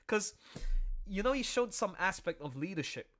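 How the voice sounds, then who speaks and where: An excitable man chats casually on a livestream about the audio drama he directs. His voice sits high and leaps up and down all the time, and he keeps slipping into playful voices to act out lines. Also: moderate pace.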